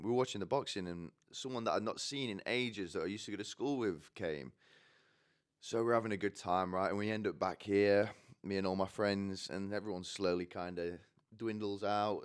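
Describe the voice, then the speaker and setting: A man's voice: low voice, clear, resonant tone. A young man telling rambling comic stories in casual, swearing monologue, often acting out the people in his anecdotes. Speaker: podcast host.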